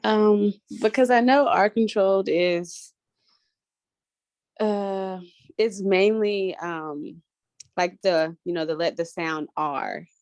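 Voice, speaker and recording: Woman student, slow hesitant answers, video-call sound. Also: medium pitch, a little mellow. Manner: hesitant, many fillers. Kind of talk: answering in online class.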